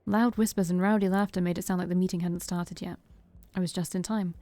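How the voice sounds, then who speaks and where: A woman streamer reading a visual novel aloud in steady narration, with small stumbles. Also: on the low side, a little fast, dry recording. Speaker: let's-play streamer.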